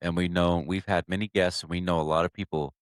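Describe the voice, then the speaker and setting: Deep-voiced podcast host, earnest. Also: male voice, fairly even intonation, fast talker, clean tone, dry recording, studio quality. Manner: sympathetic, earnest, affirming. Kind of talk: interview conversation.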